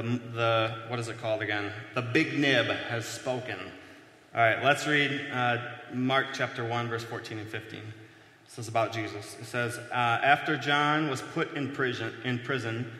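A man with a bright, forceful voice preaches in a relaxed, chatty way, pausing on "uh" and "um" and poking fun at himself. His words ring through a large church hall, and the long reverb trails behind each phrase. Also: mid-range voice. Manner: conversational, self-deprecating, many fillers. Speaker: pastor. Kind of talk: casual sermon teaching at a whiteboard.

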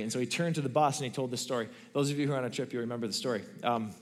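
A man's voice: medium pitch, racing. A man giving a sermon, telling a story in a conversational way with many fillers. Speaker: pastor.

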